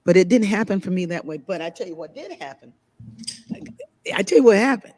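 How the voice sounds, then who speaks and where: A woman's voice: mid-range voice, a little fast. A woman hosting a spiritual conversation, telling a personal story with lots of laughter and murmured agreement. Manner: animated storytelling with frequent laughs and affirming murmurs. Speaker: host.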